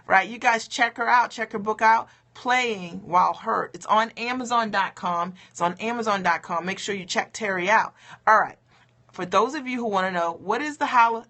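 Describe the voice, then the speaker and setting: A woman coach talks live to her viewers in an upbeat, encouraging way, often checking in with them as she goes. Her voice is bright and forceful and sits a little high. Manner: upbeat and encouraging, keeps asking "okay?" and "right?". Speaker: coach for mothers in business. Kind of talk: motivational livestream talk.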